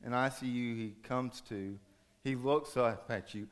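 A man's voice: mid-range voice, fairly even intonation, measured pace, smooth. Man preaching a dramatic sermon. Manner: dramatic storytelling, swinging from raised urgent passages to hushed soft ones.

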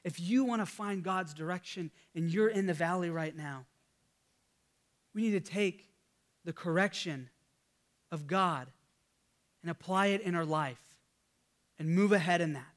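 A man in his thirties preaches a sermon with a notably high voice for a man. He talks in a relaxed, conversational way, weaving in a family story and stumbling over small restarts and fillers. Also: a little slow, long pauses. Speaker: pastor.

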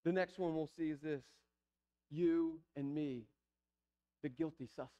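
A male pastor preaching a sermon to his congregation, moving between soft pleading passages and emphatic repeated phrases. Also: on the high side, measured pace, lo-fi sound. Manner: pleading, building to emphatic repetition. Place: church sanctuary.

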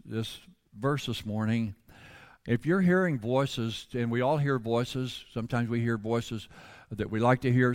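A man's voice: mid-range voice, clear, resonant tone, big-room sound. A male pastor preaching a sermon to his congregation, calling out for responses and building to fervent emphasis. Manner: builds from quiet teaching to loud, fervent preaching. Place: church sanctuary.

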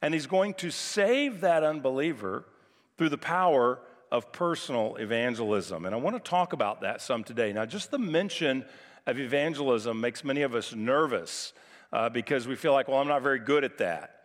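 A man's voice: mid-range voice, lively intonation, moderate pace. A man preaching a sermon as pastor, talking in a conversational way and telling a humorous personal story. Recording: reverberant hall recording.

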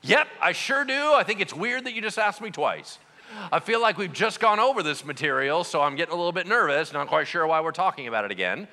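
Rattled, self-doubting man of faith, stammering, defensive, high bright voice, long reverb, as a preacher acts him out. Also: very animated, a little fast, full character voice. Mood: uneasy. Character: anxious adult male apostle feeling like a failure.

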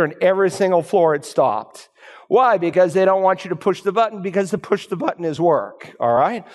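A male pastor delivering a sermon in a high, bright voice, pressing his points with rhetorical questions and repeated phrases. His words ring out through a large church with long reverb. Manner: emphatic, rhetorical questions and repetition. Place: church sanctuary.

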